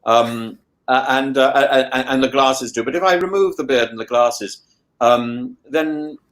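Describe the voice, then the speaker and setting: A man's voice: mid-range voice, a bit bright. Rambling, stammering man musing aloud. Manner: rambling with many restarts and stammered repeats; thoughtful, measured musing. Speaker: regular guest. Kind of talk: casual chat.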